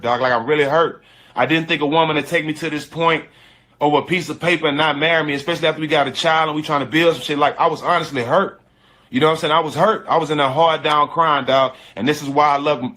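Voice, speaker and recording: Man, casual storyteller, high-ish bright voice, emphatic, repeats himself, slangy, restarts a lot. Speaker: storyteller guest.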